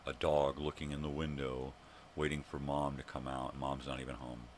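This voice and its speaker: A man's voice: a bass voice, level tone, moderate pace, a little hiss or hum. An older man ranting casually and profanely to camera, exasperated and blunt. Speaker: vlogger.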